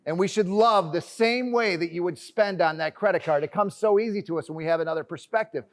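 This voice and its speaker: A man giving an energetic, joking motivational talk from a conference stage, calling the audience his friends. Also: high-pitched, fairly quick. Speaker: keynote speaker.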